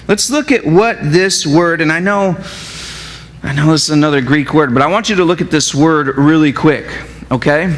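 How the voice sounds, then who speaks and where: A man preaching a sermon as pastor. He keeps asking his congregation questions in a lively back-and-forth. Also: fairly high pitch, moderate pace, in a large hall. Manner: animated, asks the congregation questions. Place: church sanctuary.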